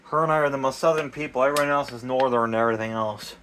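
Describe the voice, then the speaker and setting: A man's voice: medium pitch, rapid-fire, noisy background. A young man rambling casually and crudely in a vlog, swearing often, talking outdoors in the cold. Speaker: DIY vlogger.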